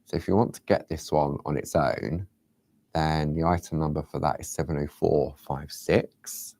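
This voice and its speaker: A man hosting a craft show, chatting casually and rambling a little as he demonstrates, sometimes dropping to a soft near-whisper. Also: very deep voice, steady tone, normal speed, vocal fry, no echo.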